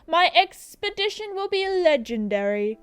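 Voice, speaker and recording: A woman's voice: very high-pitched, sing-song, normal speed, no room sound, soft background music, pitched above the performer's own voice. A woman with an Australian accent voicing a grandiose, self-important male balloon explorer in a video game. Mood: boastful.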